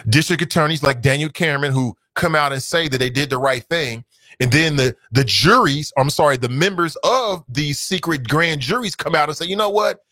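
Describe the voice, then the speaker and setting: Animated male talk radio host, close and dry. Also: fairly high pitch, normal speed, no echo. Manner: animated, laughing, mocks voices. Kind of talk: casual talk radio, reading listener comments.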